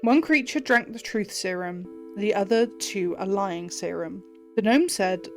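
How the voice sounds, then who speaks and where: A woman's voice: mid-range voice, unhurried, soft background music. A woman streamer reading a game's text aloud and puzzling through it in a chatty, playful way. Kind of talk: reading game text aloud and thinking out loud.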